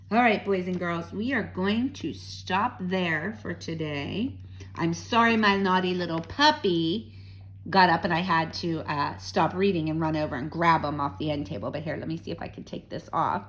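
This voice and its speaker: A woman reading a children's book aloud, gentle and chatty with young listeners. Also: lowish voice, normal speed. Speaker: children's story reader.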